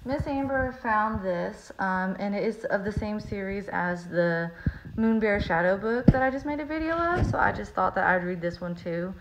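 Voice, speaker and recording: A teacher reading a picture book aloud to young children, talking in a friendly way with frequent ums. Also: female voice, medium pitch, normal speed. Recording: slightly muffled recording with faint hiss.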